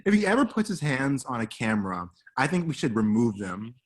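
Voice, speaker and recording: Young male co-host, husky, lively pitch, rambles with hyperbole. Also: brisk. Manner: rambling, hyperbolic, full of fillers and restarts. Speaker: podcast co-host. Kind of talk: casual chat.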